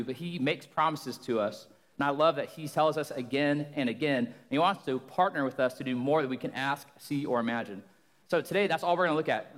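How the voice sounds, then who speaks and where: A young man preaching as a guest in a church, loud and joking as he tells a long funny story. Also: on the high side. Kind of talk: sermon. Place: church hall. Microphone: handheld or stage microphone. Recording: long reverb of a church hall.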